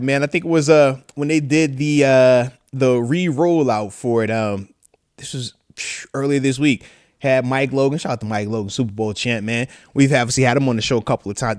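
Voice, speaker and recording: A man's voice: on the high side, dry recording, studio quality. A man in his thirties from the United States hosting a live show, chatting casually in slang and reacting to viewer comments. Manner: animated, slangy, shouts out viewers, breaks into screams when acting out riders. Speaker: podcast host, retired football player. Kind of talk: casual live-stream chat reading comments.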